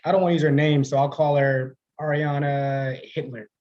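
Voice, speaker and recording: Deadpan stand-up man, lo-fi sound. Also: on the high side, moderate pace. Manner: deadpan self-mocking delivery. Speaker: stand-up comedian. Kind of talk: stand-up set. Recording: dull lo-fi livestream audio.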